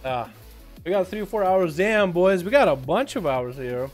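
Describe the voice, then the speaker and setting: A man from Russia hosts a gaming livestream, calling each fight play by play and joking with his chat in loose slang. His voice sits high for a man, and faint music runs quietly underneath. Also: big pitch swings, moderate pace. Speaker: livestream host and duel commentator. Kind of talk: live game commentary and chat talk.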